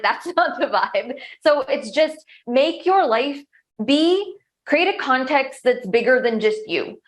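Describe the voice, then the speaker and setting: A young adult woman with a slightly high voice talks in a loose, upbeat way. She is a coach answering questions in a casual interview, and she often restarts her sentences. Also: fairly bright tone. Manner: upbeat, chatty, many likes and restarts. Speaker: coach and show host.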